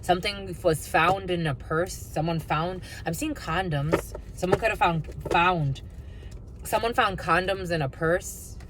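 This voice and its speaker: Woman, tarot reader, casual monologue, profane and sing-song, lowish voice, faint traffic noise. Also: unhurried. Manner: blunt, profane, sing-song asides and mocking put-on voices.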